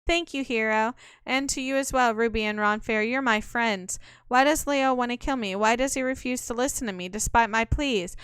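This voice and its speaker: A woman's voice: a little high, a bit bright, clean tone, dry recording, lightly acted. A woman reading a formal, earnest young heroine. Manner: measured, earnest, formal speech. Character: calm, formal young woman on a holy mission. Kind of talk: reading game dialogue aloud.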